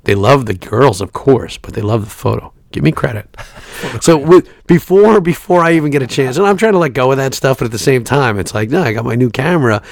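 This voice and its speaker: A gravelly man in his forties tells a story on a podcast, animated and profane. His voice sits in a middle range, with a dry, close sound and no room around it. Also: medium pitch, fairly quick, dry recording. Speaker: podcast co-host. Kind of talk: casual chat, storytelling.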